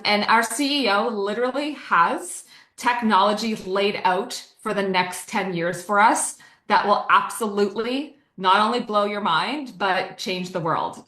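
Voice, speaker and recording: A woman from Canada pitching a business with bubbly enthusiasm and plenty of fillers. Her voice is bright and forward, and it rings in a roomy, echoing space. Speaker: business presenter. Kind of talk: sales presentation. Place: online presentation.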